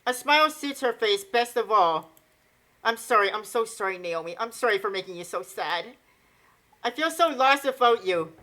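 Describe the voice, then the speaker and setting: A woman's voice: on the high side, expressive, moderate pace, fairly bright tone. A woman voicing a kind teenage schoolgirl who is crying as she apologizes. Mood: tearful.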